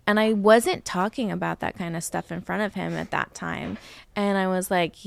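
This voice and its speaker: A woman guest, a healer, talking openly and earnestly in a relaxed interview chat. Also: moderate pace, creaky, dry recording. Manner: open and earnest, speaks of deep peace.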